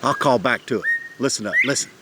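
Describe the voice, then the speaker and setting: A man chatting casually on an outdoor vlog, hushing and coaxing while he walks and sits to listen for birds. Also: medium pitch, fast talker, noisy background. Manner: hushed, coaxing, folksy. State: a bit out of breath. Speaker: vlogger. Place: outdoors in woods.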